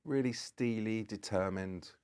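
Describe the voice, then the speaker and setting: Guy on a podcast, fairly low voice, rambling through a story and doing the dialogue himself. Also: a little slow, darkish tone, smooth. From Britain. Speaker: podcast guest, photographer. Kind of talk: casual anecdotal chat.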